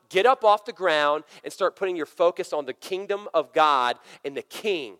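A man in his thirties preaching a conversational, energetic sermon full of family stories. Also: on the high side, moderate pace, few pauses. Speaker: pastor. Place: church sanctuary. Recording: long hall reverb.

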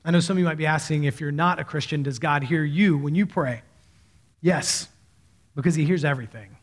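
In this clip a man in his thirties, a pastor, preaches a sermon with a fairly high voice at a fairly quick pace. He tells stories conversationally and animates the voices of the people he quotes.

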